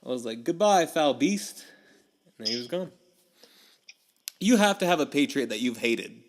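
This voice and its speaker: A man's voice: medium pitch, animated, normal speed. A young man hosting a casual sports podcast, telling stories with a lot of energy and acting out his own past reactions. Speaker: podcast host.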